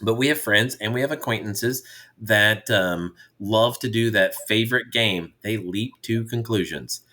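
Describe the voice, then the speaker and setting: Here the podcast co-host is a middle-aged father whose lowish voice sounds pushed and bright, moving at a measured pace. Chatting casually with his daughter, he tells good-humored, meandering tales with frequent restarts.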